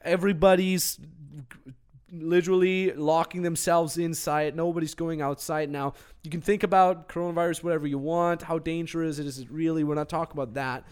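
A man co-hosting a business podcast in casual, energetic chat, with jokey asides. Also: fairly high pitch, brisk, clean tone. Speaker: podcast co-host.

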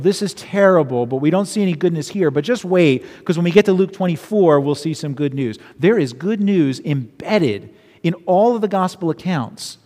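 A man preaching a sermon as pastor, earnest and conversational, often checking in with his listeners with quick asides. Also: on the high side, darkish tone, in a large hall.

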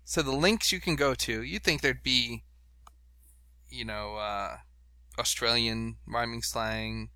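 Bright-voiced male podcast host. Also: medium pitch, slow, smooth, no room sound. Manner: chatty, reads out web pages, laughs often. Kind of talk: casual chat.

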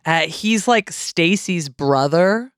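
A woman's voice: lowish voice, expressive, takes it slowly, no echo, studio quality. A woman chatting casually as a podcast guest, rambling and swearing, with lots of fillers.

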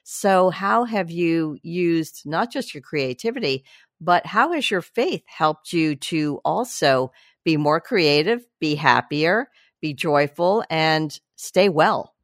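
Low-voiced woman host, dry sound. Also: lively intonation, slow, no room sound. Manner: earnest, reflective. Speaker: interview host. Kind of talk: conversational interview.

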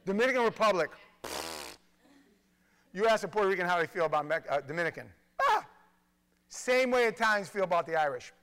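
Fast-talking New man telling stories. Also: high voice, smooth. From New York. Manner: animated storytelling with stammered restarts. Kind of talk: casual monologue to camera.

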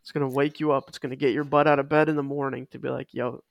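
A man's voice: medium pitch, flat delivery, racing, gravelly, dry recording. A man co-hosting a casual fitness podcast, talking with emphasis and repeating his key points. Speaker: podcast co-host.

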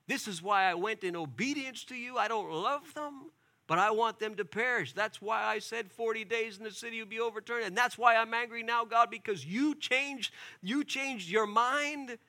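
A man's voice: very high-pitched, moderate pace, pushed and bright, voice pushed up, heavily acted. A man voicing an angry, resentful male prophet who complains to God in prayer and asks to die. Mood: bitter. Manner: impassioned, complaining, exasperated. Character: bitter resentful male prophet praying in anger.

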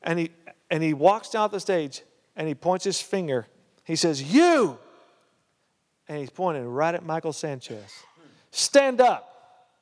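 Guy preaching a sermon story, kinda high voice, chatty with lots of uhs, long church reverb on it. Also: moderate pace. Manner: conversational, lots of "uh" and "you know", grows animated. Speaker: pastor. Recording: reverberant hall sound.

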